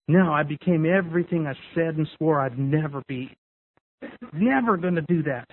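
Guy with a high voice telling his recovery story, sounds tinny like a phone on the radio. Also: normal speed. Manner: candid, repetitive storytelling. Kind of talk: personal testimony to a group.

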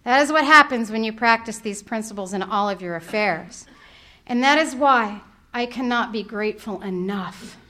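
Bright-voiced woman telling a lively recovery story. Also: medium pitch. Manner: animated, humorous, acts out her own thoughts. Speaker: speaker at a recovery workshop.

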